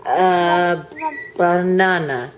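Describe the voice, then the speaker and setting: A woman's voice: on the low side, extremely slow, a little hiss or hum. A mother using baby talk with her toddler, coaxing and repeating questions in a singsong way.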